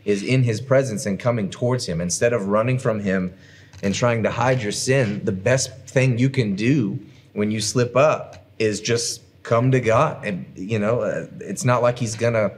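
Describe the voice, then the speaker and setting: A man co-hosting a casual church livestream, talking in a rambling, halting way. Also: on the low side, slightly rough. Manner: rambling, halting, many fillers. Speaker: co-host.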